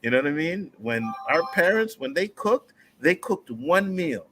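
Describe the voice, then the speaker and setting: A man from Nova Scotia hosting a casual panel discussion, profane and animated, reading out viewer messages. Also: a little high, unhurried, slight background noise. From Nova Scotia, Canada. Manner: profane, animated, acts out quotes. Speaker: panel show host.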